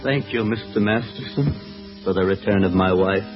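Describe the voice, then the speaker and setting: A man's voice: fairly low pitch, moderate pace, music in the background, lightly acted. A man playing a drunken, bitter and sly husband in an old radio drama, slurred and wheedling. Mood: mocking. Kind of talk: 1940s radio acting. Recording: dull lo-fi old radio recording with faint hiss.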